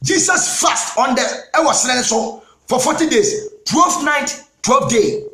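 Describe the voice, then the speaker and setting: A Ghanaian man preaching a sermon as an evangelist, emphatic and repeating "Amen", sometimes shouting. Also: extremely high pitch, animated, measured pace, reverberant. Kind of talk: sermon mixing Twi and English.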